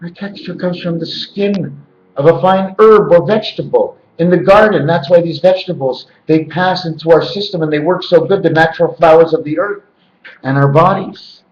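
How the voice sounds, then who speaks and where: A man's voice: a little high, normal speed. A man rambling to his handheld camera indoors at home, jumping between loose word and number associations. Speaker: vlogger. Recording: echoey, dull lo-fi camera audio.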